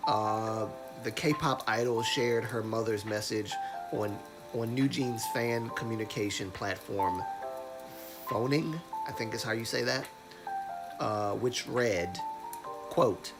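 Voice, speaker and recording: A congested young man with a cold reads news aloud on his livestream, slowly and haltingly, often stopping to correct himself and start over. His voice sits at an ordinary middle pitch, and music plays clearly behind him throughout. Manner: slow, halting reading with restarts and self-corrections. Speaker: livestream host.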